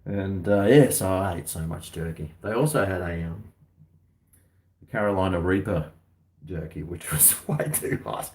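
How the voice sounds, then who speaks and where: Australian male streamer, middle-aged, slangy and rambling, voice sits a bit low. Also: measured pace, darkish tone. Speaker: livestream host. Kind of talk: casual livestream chat.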